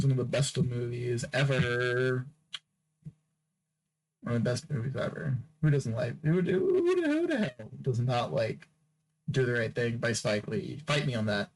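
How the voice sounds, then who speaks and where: A man's voice: mid-range voice, low-quality recording. A man hosting a podcast, rambling through a casual solo sign-off, joking with and teasing his listeners and repeating phrases over and over. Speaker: podcast host.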